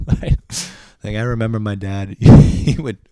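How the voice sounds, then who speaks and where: A man's voice: fairly low pitch, slow pace, clear, resonant tone, no room sound, studio quality. A young man in his twenties ranting casually and comically, swearing a lot and laughing often. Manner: profane, animated, laughs often. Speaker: vlogger. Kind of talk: casual comedic rant.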